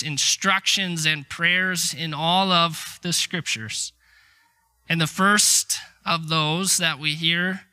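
A middle-aged pastor with a high, sharp voice preaches a sermon conversationally and emphatically, acting out the quotes he relates.

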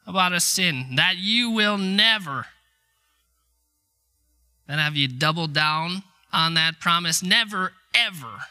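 A man's voice: high voice, bright, forceful tone, clear, resonant tone. A middle-aged man preaching a sermon in a conversational, emphatic way, acting out the quotes he tells. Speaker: pastor.

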